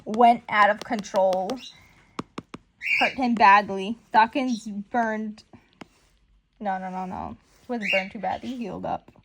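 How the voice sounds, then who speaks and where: A woman giving slangy, animated commentary while reading a comic aloud, on a noisy recording. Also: medium pitch, slow pace, creaky, long pauses. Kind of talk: casual comic read-along commentary.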